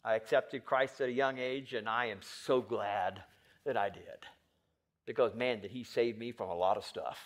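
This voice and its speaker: At normal speed, a pastor gives a sermon that swings from hushed, low passages to loud, pressing ones. He addresses questions straight to his congregation.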